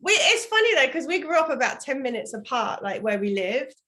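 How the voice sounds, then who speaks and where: A woman's voice: sits high, sing-song, brisk, bright, forceful tone. A woman from England with a London accent, chatting as a podcast guest and laughing often. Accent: London English. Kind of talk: casual podcast chat.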